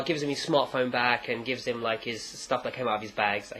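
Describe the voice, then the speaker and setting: A man casually recapping a manga chapter, animated and acting out the characters. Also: mid-range voice, brisk, few pauses. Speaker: manga reviewer.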